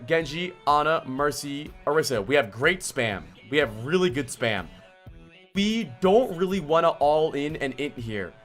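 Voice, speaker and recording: A man streaming a gameplay vod review, blunt and exasperated, swearing and yelling at the player he coaches. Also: on the high side. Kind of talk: livestream game vod review.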